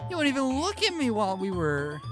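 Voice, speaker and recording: A man's voice: very high voice, huge pitch swings, brisk, pitched above the performer's own voice, exaggerated voice. A man voicing a small, hot-tempered teenage girl who bursts out in brash, profane lines. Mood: hurt. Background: background music.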